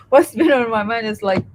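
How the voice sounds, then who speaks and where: Young woman, Indonesian accent, unhurried delivery, halting with lots of fillers, faint background hiss. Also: on the high side, rough recording. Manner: hesitant, many fillers and restarts. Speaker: student speaker on a live session. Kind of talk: casual live talk.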